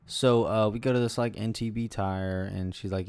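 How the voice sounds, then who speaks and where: A young adult man chats alone as a podcast host, telling stories in a rambling, laid-back way with plenty of swearing. His voice sits a little on the low side. The sound is dry and close, with no room echo. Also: fairly even intonation, moderate pace, darkish tone, smooth. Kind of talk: casual solo podcast chat.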